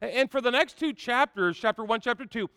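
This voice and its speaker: A man's voice: very high-pitched, lively intonation, fairly quick, bright, forceful tone, smooth, dry recording, clean studio sound, long reverb tail. A man preaching a sermon, reading scripture aloud with rising emphasis and frequent "uh" fillers. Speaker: pastor.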